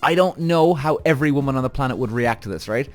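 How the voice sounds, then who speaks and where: A man hosting a podcast, telling a story in an animated, swearing rant aimed straight at his listeners. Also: mid-range voice, fast. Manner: animated, addresses audience directly, frequent swearing and acted-out quotes. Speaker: podcast host.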